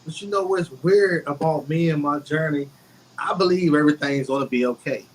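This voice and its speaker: A man's voice: fairly high pitch, normal speed, low-quality recording. A man co-hosting a casual talk, speaking openly and reflectively about his own journey. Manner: reflective, open and candid. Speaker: co-host. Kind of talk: casual conversation on emotions.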